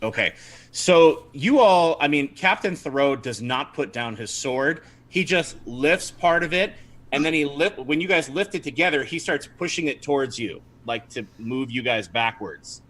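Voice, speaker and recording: A man running a tabletop game on a livestream, narrating scenes and calling for rolls. His voice is bright and lively, with many restarts and easy laughter. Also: medium pitch, normal speed. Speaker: game master.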